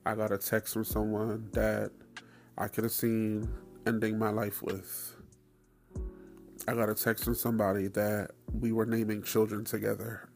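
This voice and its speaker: A man hosting his own podcast, telling a story in a loose, profane, animated way with frequent laughs. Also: on the low side, a little slow, gravelly, faint music behind. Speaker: podcast host. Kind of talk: casual solo podcast monologue.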